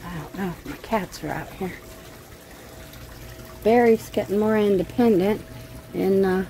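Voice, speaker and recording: A woman's voice: medium pitch, a little slow, pauses often, dark tone, a little hiss or hum. A middle-aged woman vlogging from her backyard garden on a handheld phone, talking bluntly and swearing while she vents. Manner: blunt and profane, venting angrily. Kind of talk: casual gardening vlog. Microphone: handheld phone camera.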